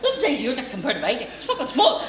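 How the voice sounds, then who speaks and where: Male comic playing a manic, shrill Newry cabbie from the North of Ireland; high, shouty, room echo. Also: wildly swooping pitch, rapid-fire, slight background noise, exaggerated voice. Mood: excitable. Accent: Newry, Northern Irish. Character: loud manic Newry taxi man, middle-aged. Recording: roomy comedy venue mic from afar.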